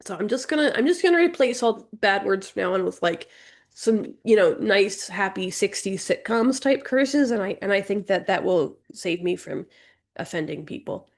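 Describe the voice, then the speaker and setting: Brief: sarcastic book reactor, woman, gravelly fry in a mid voice, jokey asides. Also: medium pitch, expressive, normal speed. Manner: joking, sarcastic, self-mocking. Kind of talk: reading aloud with comic asides.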